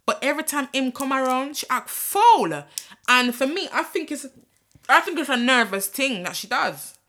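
A woman's voice: high voice, sing-song, moderate pace, fairly bright tone. A young woman, co-hosting a podcast and telling a story animatedly, swearing and slipping into patois. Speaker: podcast co-host. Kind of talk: casual chat, storytelling.

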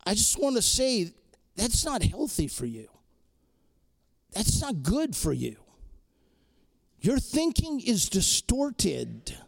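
A man's voice: high-pitched, vocal fry. A man preaching a sermon to students and faculty, earnest and exhorting, repeating key phrases and ending in prayer. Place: crowded hall or chapel.

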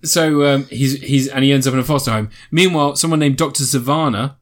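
A man's voice: mid-range voice, fairly even intonation, brisk. Man, podcast co-host, rambling film review, mid-range voice, crude asides. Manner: rambling, self-interrupting, crude jokes. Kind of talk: casual chat, film review.

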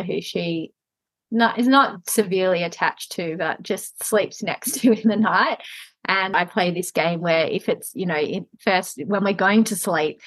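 Woman chatting on a parenting podcast, lively storytelling, dry close sound. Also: on the low side, no echo, poor audio. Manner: animated storytelling, laughs often. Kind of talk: casual conversational podcast chat.

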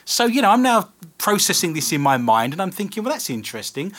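A British podcast host talks fast in a high voice during a casual radio chat. He is an animated storyteller whose humour is self-mocking.

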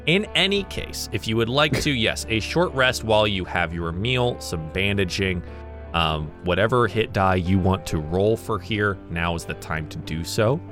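Male game master, bright tone, lively unhurried delivery, easy laugh. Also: on the low side, faint music behind. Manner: laughs often, relaxed and chatty. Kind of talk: running a tabletop game over voice chat.

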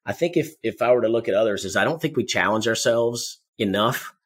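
Husky guy talking fast, a bit low-voiced, chatty sales coach who repeats himself. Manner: energetic, repeats words, speaks in quick bursts. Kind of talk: conversational advice, storytelling.

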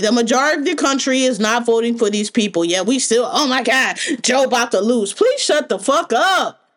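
Blunt, profane woman podcast host. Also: fairly high pitch. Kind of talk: solo opinion podcast rant.

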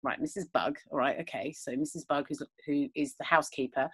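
A woman's voice: sits low, fairly even intonation, brisk, hardly any pauses, breathy edge. A woman co-hosting a podcast on a video call, rambling through an episode recap with lots of fillers. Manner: rambling, with many fillers and retellings of scenes. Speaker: podcast co-host. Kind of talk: casual chat recapping a TV episode. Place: home, recording remotely.

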